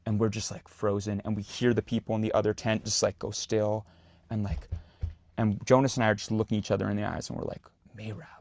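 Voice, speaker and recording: A young adult man, a podcast guest telling a story in a loose, animated way. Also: fairly low pitch, fairly quick, creaky, no room sound. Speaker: guest, actor and singer. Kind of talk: casual storytelling in a podcast interview.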